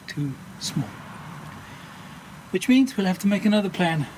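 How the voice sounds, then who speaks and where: A man's voice: a little high, slight background noise. A man with a South African accent hosting a vlog, narrating in a playful, chatty way with jokey asides to viewers. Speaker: vlogger host.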